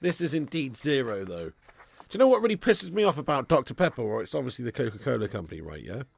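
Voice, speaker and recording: A man's voice: mid-range voice, very animated, quick pace, creaky. A man hosting a live watch-along stream, chatting casually with viewers, reading out their comments, swearing and laughing often.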